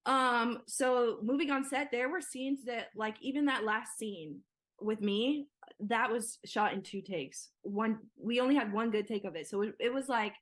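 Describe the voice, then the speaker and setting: A young Nigerian woman with a slightly high, somewhat bright voice appears as a guest in an interview; she's a filmmaker. She talks casually and quickly, chatty and filling her speech with lots of "like" and "yeah."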